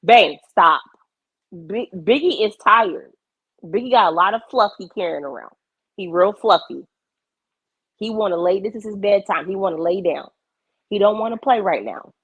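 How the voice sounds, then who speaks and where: A young woman chatting casually on a livestream, blunt and animated, cursing freely. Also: mid-range voice, moderate pace, breathy edge, dry recording, highs cut off.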